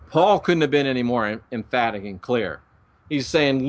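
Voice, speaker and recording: A man's voice: medium pitch, animated, normal speed. A man lecturing viewers on the Bible in an emphatic, preaching style, with folksy asides and jokes. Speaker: Bible teacher.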